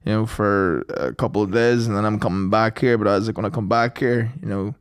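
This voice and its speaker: A man's voice: fairly low pitch, a little fast, clear, resonant tone. Man with northern irish accent, chatty comic podcast host, laughs a lot. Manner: animated, acts out voices, laughs often. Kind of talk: comic storytelling chat.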